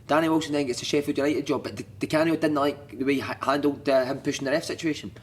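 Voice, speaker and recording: A man, a podcast guest telling animated, sweary anecdotes with frequent laughter. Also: a little high, fast talker. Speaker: podcast guest, former footballer. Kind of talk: casual storytelling chat.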